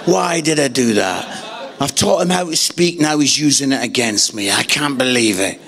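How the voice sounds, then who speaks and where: A middle-aged man preaching a sermon, animated and jokey, acting out voices in his stories. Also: moderate pace. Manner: animated, jokey, acts out voices with big pitch swings. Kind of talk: sermon with comic storytelling.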